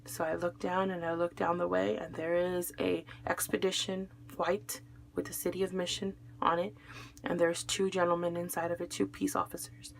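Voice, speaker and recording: A woman's voice: lowish voice, gravelly, a bit bright. A young adult woman recounting a painful day in a personal vlog, emotional as she relives events and quotes the people she spoke with. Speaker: widow telling her story.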